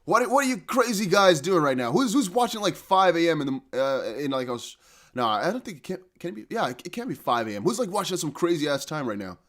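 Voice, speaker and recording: A man hosting a live crypto price stream, talking fast and excited with laughs and chanted hype lines. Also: a little high. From Netherlands. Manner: hyped, laughing, breaks into chanting.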